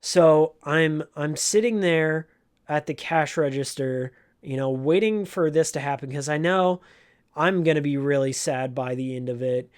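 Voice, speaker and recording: A man's voice: fairly high pitch, clear, resonant tone. A man telling an emotional story from his old job in a casual vlog, in an earnest, heartfelt way. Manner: slow, earnest, emotional retelling. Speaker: vlogger, former game store clerk.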